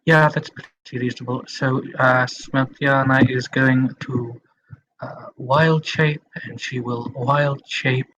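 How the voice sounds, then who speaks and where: Tabletop player, playful, mid-pitched, faint hiss behind. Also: fairly even intonation, takes it slowly, a bit bright, lo-fi sound. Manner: playful, thinks aloud, hesitant fillers. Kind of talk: casual tabletop game chat.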